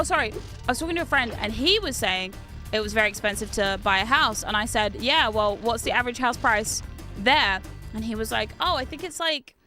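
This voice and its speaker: A woman's voice: high-pitched, sharp tone. A young woman with a New Zealand accent, chatting casually and swearing freely while streaming a game. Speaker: VTuber streamer. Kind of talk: casual gaming stream chat.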